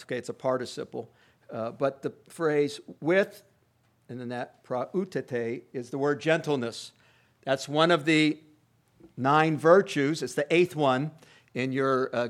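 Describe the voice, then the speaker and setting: A pastor preaching an expository sermon in a teacherly, halting way, with many fillers and emphatic rising stresses. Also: male voice, medium pitch.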